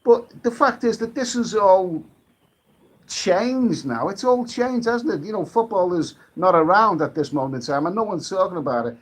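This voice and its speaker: A man from the UK, hosting a casual live stream, rambling and halting with many restarts while reading out viewer comments and drinking. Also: high voice, lively intonation. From United Kingdom.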